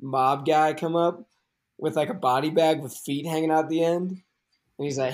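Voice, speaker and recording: A man's voice: on the high side, unhurried. A young man hosting a podcast, chatting casually with many fillers and acting out movie lines in funny voices. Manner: animated, quotes movie lines in put-on voices; many fillers, laughs often. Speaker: podcast host. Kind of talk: casual chat.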